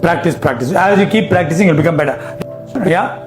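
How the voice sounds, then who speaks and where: A high-pitched man with an Indian English accent teaches a live class, pressing his points with emphatic rhetorical questions. His voice rings around an echoey hall with faint music underneath. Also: fairly quick. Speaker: hypnosis coach.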